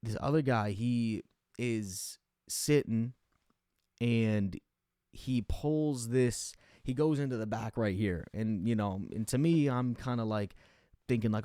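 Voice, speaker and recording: A young man spins a rambling, profane comic story, circling back on himself with fillers and restarts. His voice sits at an ordinary middle pitch, and the recording is close and dry, with no room sound. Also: slow, dark tone, dry recording. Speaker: comedian telling a story. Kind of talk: casual storytelling monologue.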